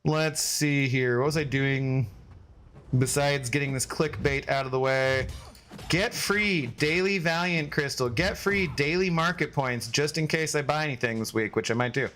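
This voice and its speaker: A man's voice: moderate pace, a bit bright. A man live-streaming a game, chatting loosely with viewers and reading their comments aloud. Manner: rambling, chatty, reads chat aloud; high, scolding baby talk to his dog. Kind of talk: casual live-stream chat.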